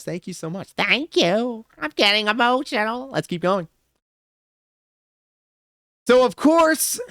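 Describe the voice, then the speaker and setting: A man reacts on a livestream in casual, sarcastic commentary, jumping from dry remarks to excited shouts. His voice sits a bit high for a man and comes through smooth and clear. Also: dry recording. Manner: animated, sarcastic, bursts into shouts and laughter.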